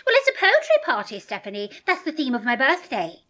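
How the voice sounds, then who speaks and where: A woman's voice: sits high, huge pitch swings, brisk, pushed and bright, heavily acted. Woman doing a prim teenage goth girl. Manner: prim, formal diction. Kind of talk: comedy sketch.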